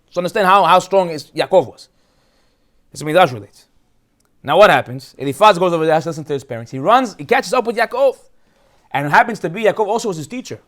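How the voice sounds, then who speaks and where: A quick-talking man with a slightly raised pitch, telling a Torah story in a loose, joking way. He is a rabbi who grew up speaking Hebrew, and he laughs along with his own jokes as he tells it. His delivery is animated and casual, with nothing of a formal sermon in it. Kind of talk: casual humorous Torah talk.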